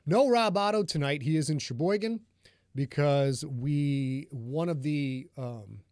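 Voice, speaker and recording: Chatty man with a higher voice. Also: measured pace, darkish tone, no echo, studio quality. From northern Michigan. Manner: rambling and chatty, greets viewers in chat. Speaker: author hosting a live podcast reading. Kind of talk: casual chat with a live stream audience.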